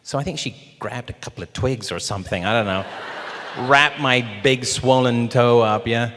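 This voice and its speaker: A British man, a guest actor, telling an animated anecdote at a live Q&A and acting out the quotes. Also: medium pitch, moderate pace, slight background noise. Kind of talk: anecdote told to a live audience. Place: large screening theater. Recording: long reverb of a cinema hall.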